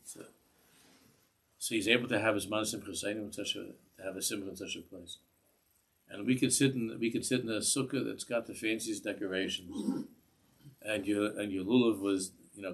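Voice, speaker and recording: A rabbi gives a class in a synagogue in a sermon style, earnest, restarting phrases and mixing in Hebrew terms. His voice is lowish and husky.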